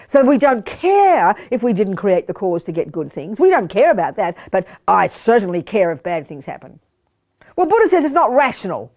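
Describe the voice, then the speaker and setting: A woman's voice: on the high side, very animated, moderate pace, a little mellow. An older woman giving a Buddhist teaching to a study group, emphatic and full of rhetorical questions to the audience. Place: meditation hall in a study center.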